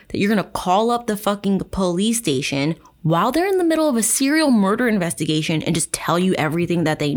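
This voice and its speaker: A young woman hosting a true-crime podcast, reading book passages aloud and then ranting about them with blunt, profane sarcasm. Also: mid-range voice. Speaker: podcast host. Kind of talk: casual true-crime storytelling.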